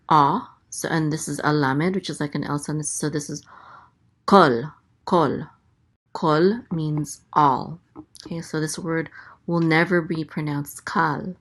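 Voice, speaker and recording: Slow, patient woman teaching Hebrew letters. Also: deep voice. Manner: slow, patient, repeats each sound. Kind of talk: letter-by-letter language lesson.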